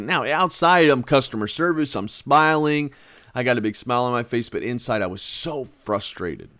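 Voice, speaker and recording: A man teaching a Bible lesson on his podcast, telling a self-mocking everyday story in a conversational way, then gently urging listeners on. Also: lowish voice, dry recording, studio quality. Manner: earnest, gently exhorting. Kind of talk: casual devotional podcast talk.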